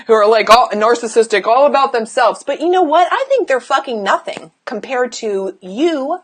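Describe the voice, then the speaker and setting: A woman coach delivers a blunt motivational talk, swearing freely and pushing the listener with rhetorical questions. Her voice sits a little high and swings widely in pitch, animated and emphatic throughout. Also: moderate pace, hardly any pauses. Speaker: business coach. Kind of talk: motivational direct-to-camera talk.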